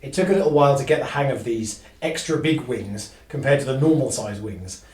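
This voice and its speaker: A man running a live tabletop game as game master, narrating in halting bursts with lots of fillers and restarts. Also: medium pitch, a little mellow, reverberant, far from the mic.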